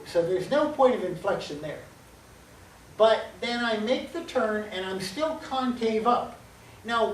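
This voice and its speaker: A man teaching calculus in a lively, playful way, acting out little scenes and correcting himself as he works. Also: high voice. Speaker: math teacher. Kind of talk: calculus lecture at a board. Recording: roomy, distant mic, faint hum.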